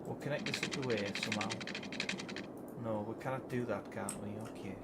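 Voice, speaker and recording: A man's voice: fairly low pitch, steady tone, brisk, very noisy. Swearing Geordie man streaming a game. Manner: swears constantly, exasperated. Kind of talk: live gameplay commentary.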